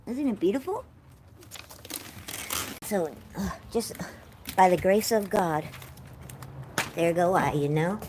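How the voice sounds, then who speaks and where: A chatty American woman hosts a live stream from her home, speaking straight to her viewers. Her voice sits a little on the low side, and her manner is warm-hearted and effusive, with plenty of casual asides. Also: slow pace, long pauses, background noise. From California, USA. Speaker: livestream host.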